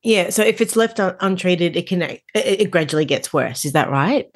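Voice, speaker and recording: A woman's voice: lowish voice, animated, normal speed. A woman hosting a podcast, asking friendly, encouraging questions. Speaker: podcast host. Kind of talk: interview questions.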